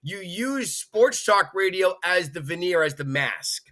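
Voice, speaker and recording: High, bright-voiced former sportscaster. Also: male voice, expressive, measured pace. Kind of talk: casual panel chat.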